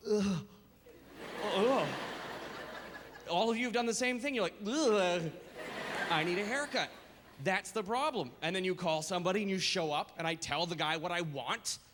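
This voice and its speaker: A man doing an energetic, self-deprecating stand-up set, heard with audience laughter. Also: high voice. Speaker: stand-up comedian. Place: comedy club stage. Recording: echoey live venue with background noise.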